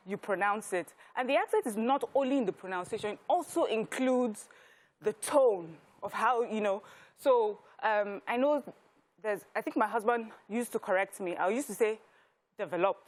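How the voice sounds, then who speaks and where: A woman with a Nigerian accent explains her views at length on a studio talk show. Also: fairly high pitch. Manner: thoughtful, explanatory. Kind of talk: studio panel discussion.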